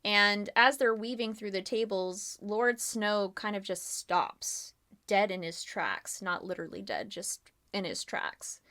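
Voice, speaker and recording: A woman's voice: medium pitch, lively intonation, a little slow, bright, forceful tone. Giggly woman narrating a murder mystery. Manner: casual and giggly, many fillers. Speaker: game master. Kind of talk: live-streamed mystery narration.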